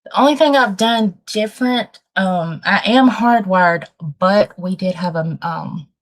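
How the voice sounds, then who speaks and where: A woman hosting a casual livestream with a dry throat, talking bluntly and thinking out loud as she rambles. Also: mid-range voice, unhurried. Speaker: livestream host.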